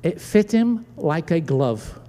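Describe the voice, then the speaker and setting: In a church sanctuary full of long reverb, a pastor from Britain acts out the people in his sermon story. He is an animated storyteller whose fairly high voice moves slowly.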